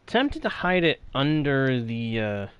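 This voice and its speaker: A male game streamer with a smooth, clear voice who takes his time and lets his pitch swing widely. He chats playfully with viewers and thinks aloud as he plays. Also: very animated, slow pace, a bit bright, dull audio. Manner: playful, chatty, greets viewers and mutters to himself. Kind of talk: casual live-stream chat while playing.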